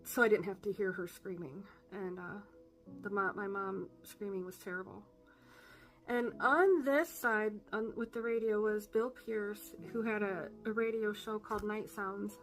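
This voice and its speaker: A woman giving an earnest personal faith testimony, halting with fillers and emotional. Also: mid-range voice, soft background music. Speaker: testimony speaker.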